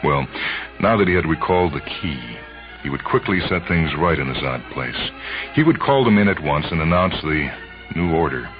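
A man narrating a story in a measured, brooding way. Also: rumbling low, very animated. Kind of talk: dramatic audiobook narration. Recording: muffled lo-fi recording, faint music.

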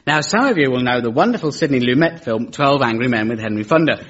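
This comedy host talks fast in an expressive, mid-range voice that's a bit bright with a breathy edge. He delivers a scripted, mock-formal satirical lecture, dry in tone and laced with sarcastic punchlines, captured on a dull lo-fi broadcast recording.

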